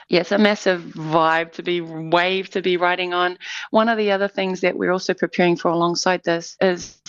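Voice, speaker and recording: A woman's voice: lowish voice, no echo. A woman, an artistic director being interviewed on radio, talking with enthusiasm and frequent restarts. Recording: slightly muffled dry studio mic.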